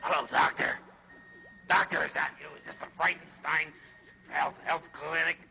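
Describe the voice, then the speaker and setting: A man's voice: fairly high pitch, fairly even intonation, moderate pace, creaky, bright, forceful tone, a little hiss or hum, pitched below the performer's own voice, exaggerated voice. A man voicing a sick, desperate male caller who moans and pleads. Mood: moaning. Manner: moaning, pleading.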